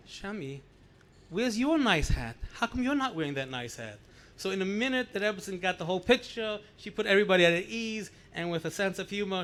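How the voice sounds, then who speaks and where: A middle-aged man, a rabbi, telling family stories in a lively anecdotal way, repeating words for emphasis. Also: a little high, a little hiss or hum. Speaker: rabbi sharing memories at a gathering. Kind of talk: storytelling speech.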